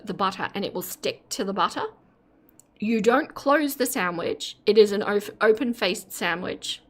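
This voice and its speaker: An Australian woman in her forties, chatting casually with her live-stream audience and giggling often. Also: medium pitch. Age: 40s. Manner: giggly, breaks into laughter often.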